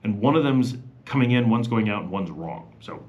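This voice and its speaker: A man's voice: fairly low pitch, animated, moderate pace, narrow, tinny audio, slight background noise. A middle-aged man chatting casually on a live Q&A stream, rambling with many fillers and restarts. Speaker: vlogger hosting a live Q&A.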